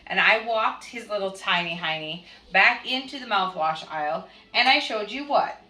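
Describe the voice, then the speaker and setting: Chatty bright-voiced mom telling a story. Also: female voice, mid-range voice, expressive, normal speed. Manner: chatty, acts out others' lines while telling the story. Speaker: mother telling a family story. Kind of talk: casual storytelling vlog. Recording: echoey room, voice from a distance, faint noise.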